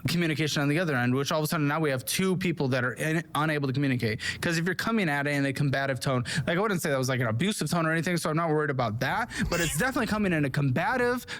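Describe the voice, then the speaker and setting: A man's voice: fairly high pitch, expressive, rapid-fire, hardly any pauses, a bit bright. A man hosting a finance advice show, confronting guests in a pointed, lecturing way and pressing them with questions. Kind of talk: confrontational interview.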